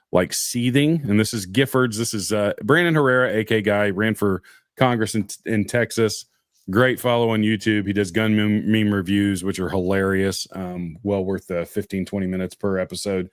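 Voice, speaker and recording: A man's voice: lowish voice, no echo, studio quality. A man co-hosting a casual political podcast, reading news stories aloud with many fillers and restarts.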